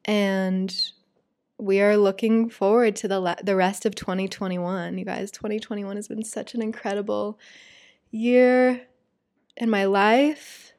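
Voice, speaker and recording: A woman's voice: mid-range voice, little pitch movement, a little slow, a little mellow. A woman hosting her own podcast, talking casually and confidingly to listeners with lots of "like" and "you guys" fillers. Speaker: podcast host. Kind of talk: casual solo podcast chat.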